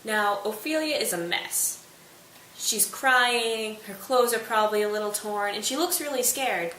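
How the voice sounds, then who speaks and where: A young woman hosts a casual study summary, chatty and playful. Her voice sits a bit high and sounds roomy and far from the mic. A faint hiss runs underneath. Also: a little slow, pushed and bright. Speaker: host of a literature study channel. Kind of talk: casual plot summary for students. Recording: echoey room, distant mic, faint hiss.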